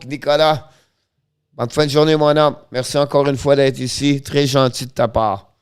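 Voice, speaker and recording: A man hosting a casual hockey live stream, thanking viewers by name with many halting fillers. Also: mid-range voice, steady tone, clear, resonant tone, some chatter behind.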